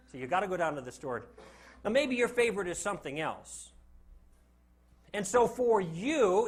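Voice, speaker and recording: A man's voice: high voice, fairly bright tone. A man giving a classroom lecture to a live audience, joking and putting rhetorical questions to the class.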